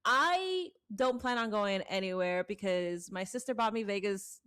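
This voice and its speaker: A woman co-hosting a podcast in casual chat, animated and profane as she rants and reads out listener questions. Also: medium pitch, unhurried, clean tone. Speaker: podcast co-host.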